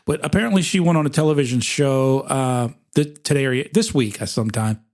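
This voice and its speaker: A man's voice: mid-range voice, a little fast, darkish tone. A man in his sixties co-hosting a podcast, chatting casually and reading out news items with enthusiasm. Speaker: podcast co-host. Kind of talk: casual chat.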